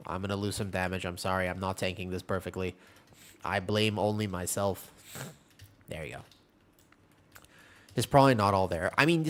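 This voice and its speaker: A man streaming a game as a tank player, mixing quick callouts with rambling banter to his viewers. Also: low voice. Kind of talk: live gameplay commentary and chat with viewers.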